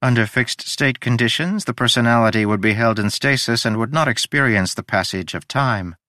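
A man's voice: mid-range voice, normal speed, bright, forceful tone, dry recording, studio quality, lightly acted. A man voicing a polite, formal, literal-minded male ship AI in an audiobook, precise and courteous. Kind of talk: audiobook character reading.

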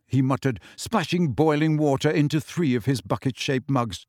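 A man narrating an audiobook in an expressive storytelling voice. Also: mid-range voice, normal speed, hardly any pauses, dry recording, studio quality.

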